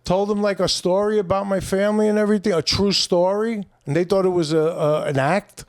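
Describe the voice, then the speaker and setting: A man's voice: sits high, steady tone, brisk, clear, resonant tone, dry recording, clean studio sound. An older man, a comedian telling long stories on a podcast in a loose, rambling, profane way. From New York. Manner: rambling, profane, acts out quoted voices. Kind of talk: casual storytelling chat.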